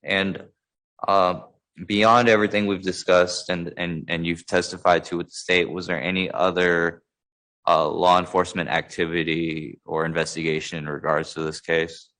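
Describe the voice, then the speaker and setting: Very deep-voiced man questioning politely. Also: little pitch movement, a bit bright, low-quality recording. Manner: measured, polite questioning with hesitant fillers. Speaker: defense attorney. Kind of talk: courtroom cross-examination.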